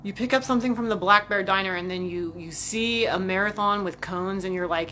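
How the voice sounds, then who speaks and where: A woman vlogger rants casually and profanely about jobs in a mid-range voice. She tells stories in an animated, self-mocking way. There is faint background hiss. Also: medium pitch, moderate pace. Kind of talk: casual rant to camera.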